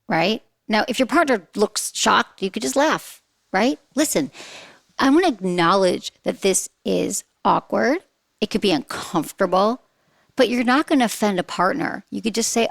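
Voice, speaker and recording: Gravelly-voiced woman coaching casually. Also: medium pitch, expressive, moderate pace, no room sound. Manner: chatty and coaching, with rhetorical questions. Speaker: podcast host giving sex advice. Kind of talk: casual advice talk.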